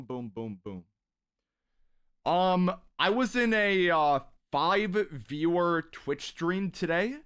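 A man hosting a casual live stream, talking at length and giving shout-outs to viewers from his home. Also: a little high. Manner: rambling and talkative, shouting out viewers. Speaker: live-stream gaming host.

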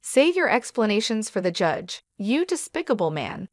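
A woman's voice: medium pitch, very animated, normal speed, no echo, clean studio sound, lightly acted. A woman reading as a fierce indignant mother. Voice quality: firm, indignant. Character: indignant fierce mother confronting her husband. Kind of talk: storytelling read-aloud.

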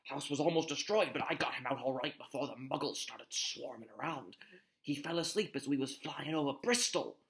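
A man voicing a big, gruff, tender-hearted male giant groundskeeper with rough, rustic speech. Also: medium pitch, fairly quick, a bit bright, lightly acted.

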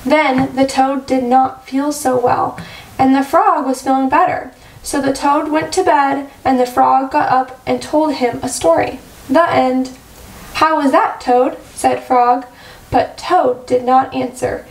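Slow, high-voiced teacher reading a picture book. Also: female voice, fairly even intonation, darkish tone. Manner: slow, clear storytelling for children. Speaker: first grade teacher. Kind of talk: picture-book read-aloud. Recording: echoey room, far-off mic.

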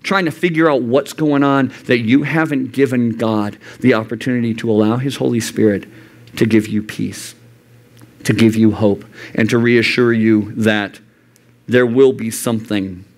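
A man preaching to a youth group, animated and acting out the voices he quotes. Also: medium pitch, unhurried. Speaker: youth pastor. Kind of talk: sermon. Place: church youth service.

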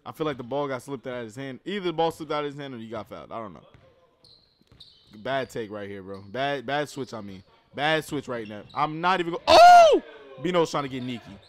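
Male streamer, casual basketball reaction commentary, slangy and excitable. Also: medium pitch, fairly quick, slight background noise. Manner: excitable, loud outbursts, slangy.

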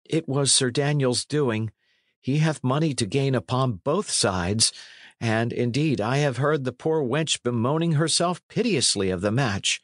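A man's voice: medium pitch, animated, measured pace, dry recording, clean studio sound, pitched above the performer's own voice. A man reading an audiobook, voicing a timid young male runaway who speaks earnest, anxious old-fashioned English. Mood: coaxing. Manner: earnest, anxious, archaic speech.

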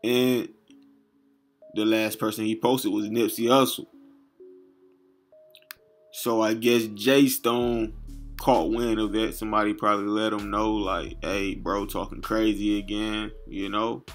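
A man's voice: on the low side, flat delivery, unhurried, pauses often, soft background music. A man hosting a casual commentary vlog, talking loosely in street slang and reading captions aloud to his viewers. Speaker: YouTube commentary host.

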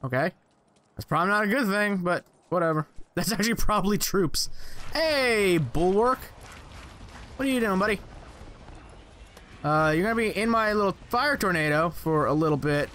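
Young male gamer narrating his play with jokes and curses; bright voice, faint noise behind. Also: high-pitched, expressive, normal speed, long pauses. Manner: exclaiming, swearing, joking to himself. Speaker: gameplay commentator. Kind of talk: casual let's play commentary.

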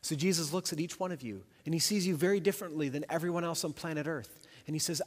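A senior pastor giving a sermon with an emphatic, repetitive preaching cadence. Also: male voice, on the high side, lively intonation, fast talker, few pauses, husky. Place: church sanctuary. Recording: long church reverb.

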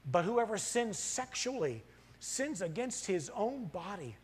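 A middle-aged pastor preaches with a husky edge and a high, lively voice that leaps around as he gets fired up. He presses the congregation with rhetorical questions from the pulpit of a church. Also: unhurried. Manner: impassioned preaching that swells to loud, fired-up peaks. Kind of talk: sermon. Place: church sanctuary.

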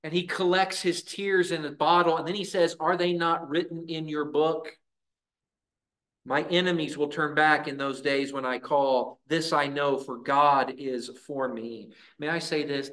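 Earnest church preacher guy, a bit high-pitched, slow dramatic pauses. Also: fairly even intonation, a bit bright. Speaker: pastor. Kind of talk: sermon.

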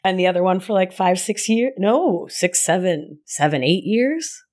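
A woman's voice: on the low side, expressive, moderate pace, a little mellow. A woman life coach hosting her podcast, talking in an affectionate, chatty way and often laughing at herself. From Argentina, raised in Rhode Island. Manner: affectionate, calls listener my love, laughs at herself. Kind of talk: warm conversational podcast monologue.

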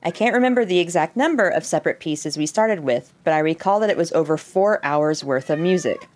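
A woman with a slightly low voice co-hosts a casual podcast. She reads passages aloud and then drifts into chat. She is giggly and swears freely. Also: animated, a little fast, darkish tone, a little hiss or hum. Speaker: podcast co-host.

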